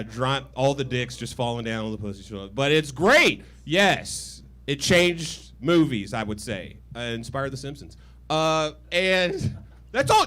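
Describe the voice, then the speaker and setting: A man's voice: medium pitch, a bit bright. A man doing a rambling, crude, self-deprecating stand-up set on a comedy stage with a handheld mic. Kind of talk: stand-up set, then casual chat. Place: comedy stage with live audience.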